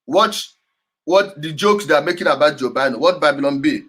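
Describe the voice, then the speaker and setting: A man's voice: on the high side, moderate pace, a bit bright. A man hosting a show, reacting to clips with emphatic, repetitive commentary and frequent laughter. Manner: emphatic, repeats key words, laughs often. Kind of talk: animated commentary over clips.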